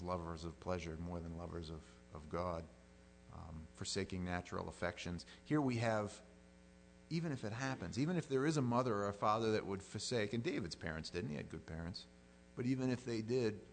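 A man's voice: low-pitched, slight background noise. A middle-aged male pastor giving a plain-spoken, conversational sermon and often acting out the voices he quotes.

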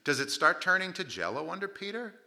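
A man's voice: high voice, big pitch swings, fairly quick, gravelly, sharp tone. A man preaching a sermon in a conversational, humorous way, acting out the voices of the people in his story and often restarting his sentences.

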